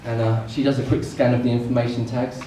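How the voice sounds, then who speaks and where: Stand-up comic in an echoey room. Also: male voice, medium pitch, level tone, warm tone. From England. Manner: storytelling with comic pauses. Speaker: stand-up comedian. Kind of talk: stand-up comedy set. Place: comedy club stage in front of an audience. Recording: echoey room, mic far off, noisy.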